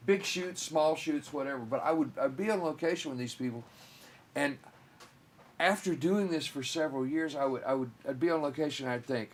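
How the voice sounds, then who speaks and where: Older man recounting his film career. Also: fairly high pitch. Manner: rambling, halting restarts. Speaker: filmmaker guest. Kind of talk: interview.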